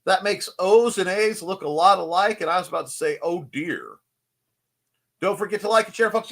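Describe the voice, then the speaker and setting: A man hosts a casual live stream from his computer desk at home, rambling, joking and greeting people in the chat. His voice is bright, fairly high and very lively in pitch. He speaks into a desk mic. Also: normal speed. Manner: rambling, jokey, greets chatters.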